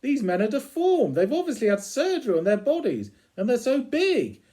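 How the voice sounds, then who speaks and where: A prissy, uptight man sniffs with prim disgust, voiced by a man. His voice is lifted higher than normal and stays affronted throughout. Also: huge pitch swings, moderate pace, mellow, heavily acted.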